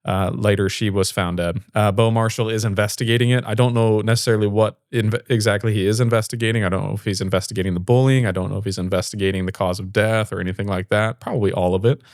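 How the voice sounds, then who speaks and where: A man's voice: fairly low pitch, fairly even intonation, fast talker, few pauses, no room sound, clean studio sound. A man hosting a local news show, reading stories and chatting casually with a rambling manner and many fillers. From Fayette area. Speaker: local news podcast host.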